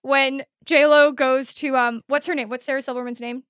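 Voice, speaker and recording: A woman's voice: high voice, fairly even intonation, moderate pace, fairly bright tone, clear, resonant tone, dry recording, clean studio sound. A woman from the Midwest co-hosting a podcast, chatting casually about a movie with plenty of likes and ums and acted-out quotes. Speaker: podcast co-host.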